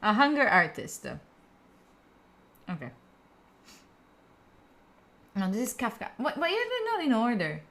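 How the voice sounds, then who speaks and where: A young woman from Italy, with an Italian accent, runs a study stream and giggles her way through casual chat, answering viewer comments between work stretches. Her slightly high, somewhat bright voice swoops wildly in pitch, and she's unhurried, pausing often.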